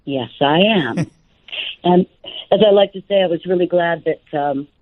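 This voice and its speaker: A woman, a voice actor and dialect coach, talking as an interview guest in a lively, expressive and playful way. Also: fairly low pitch, moderate pace. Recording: tinny phone-line audio.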